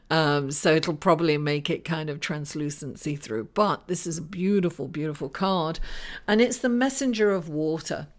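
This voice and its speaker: A woman astrologer giving a weekly tarot forecast to camera in a chatty, rambling way, with many fillers and restarts. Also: lowish voice. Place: indoors in front of a green screen.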